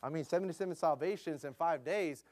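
A middle-aged male preacher gives a relaxed sermon built around stories, speaking quickly at a pitch a bit higher than most men's. He says "you know" constantly and gets louder and more animated when excitement takes hold.

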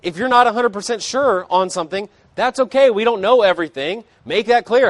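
Man preaching a sermon, fairly high voice, emphatic, chatty asides, dry close sound. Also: a little fast, hardly any pauses, no echo. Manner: emphatic, conversational asides, rising and falling intensity.

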